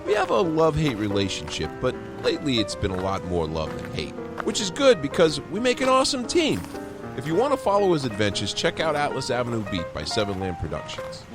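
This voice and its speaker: A man's voice: medium pitch, huge pitch swings, a little fast. A man doing a swaggering city cop. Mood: upbeat. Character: brash male city cop, cheerful. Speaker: promo narrator in character. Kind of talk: scripted audio drama promo. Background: music.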